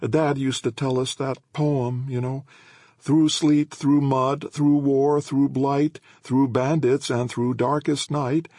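A man's voice: medium pitch, level tone, measured pace, few pauses, darkish tone, dry recording, clean studio sound, pitched above the performer's own voice, lightly acted. A man voicing a chatty, eager old woman who rattles on with fond memories in an audiobook.

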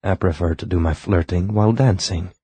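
A man's voice: low-pitched, brisk, mellow, husky, dry recording. A man voicing a courtly, flirtatious alien man in an audiobook, suave and gallant.

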